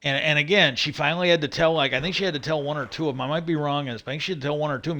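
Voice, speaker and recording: Rambling man with a bright voice. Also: on the high side, racing, hardly any pauses. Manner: rambling, profane, many fillers and restarts. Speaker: streamer. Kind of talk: casual chat.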